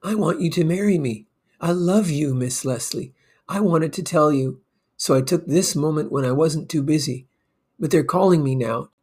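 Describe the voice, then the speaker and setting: A man voicing a busy male stockbroker who talks in a rushed, urgent way. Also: a little mellow, breathy edge. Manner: rushed, rising pitch when proposing.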